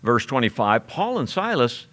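A man preaching an expository sermon, telling the story in an animated way and briefly acting out the characters. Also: medium pitch, moderate pace.

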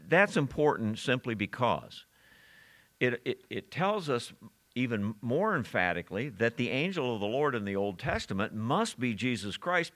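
A man with a lowish, bright voice and a forceful tone teaches the Bible verse by verse. He talks conversationally, often restarting his sentences and putting questions to his listeners.

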